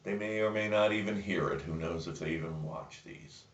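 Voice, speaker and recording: Hosting a casual chat show, a man with a low voice tells a joke at a moderate pace, rambling with many restarts and fillers. The sound is roomy, distant, and muffled.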